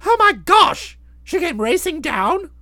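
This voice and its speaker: A woman voicing a chatty, self-satisfied young gentleman in a bouncy, wordy way. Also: extremely high pitch, big pitch swings, slow, dry recording, clean studio sound, heavily acted. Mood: startled. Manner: bouncy, wordy, fond of flowery phrases. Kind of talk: audiobook drama, narrating and voicing the hero.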